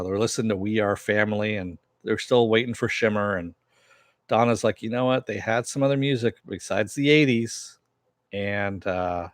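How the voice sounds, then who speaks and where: A man's voice: fairly low pitch, no echo, studio quality. Rambling man recapping a TV episode. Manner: loose and rambling, many fillers, mild swearing. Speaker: TV episode reviewer. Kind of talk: casual recap with paraphrased quotes.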